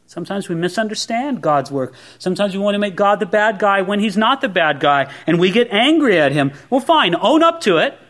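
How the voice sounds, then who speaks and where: A man preaching a sermon as a pastor, conversational and animated, with many rhetorical questions. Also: high-pitched, fairly quick, few pauses.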